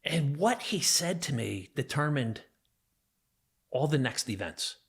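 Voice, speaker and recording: A man's voice: fairly high pitch, sing-song, slow pace, slightly rough. A middle-aged man from New Jersey, a podcast guest, telling a personal story in an intense, emphatic way. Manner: intense, emphatic, vivid retelling of a violent memory.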